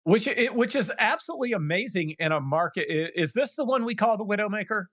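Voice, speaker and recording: A man's voice: sits high, animated, fast, a bit bright, no echo, lo-fi sound. A man speaking as a guest expert in casual chat, rambling with self-deprecating humor.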